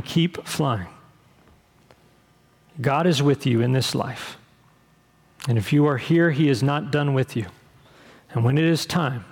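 A middle-aged male pastor preaching in an earnest, searching way, with a slightly raised pitch and a gravelly edge to his voice. His words ring out with a long reverb in a large church hall. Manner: earnest, with frequent fillers and restarts. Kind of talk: sermon.

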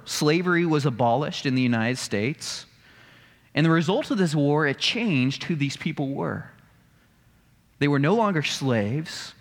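Emphatic male preacher, lively pitch. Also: long reverb tail. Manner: emphatic, rhetorical questions. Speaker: pastor. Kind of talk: sermon.

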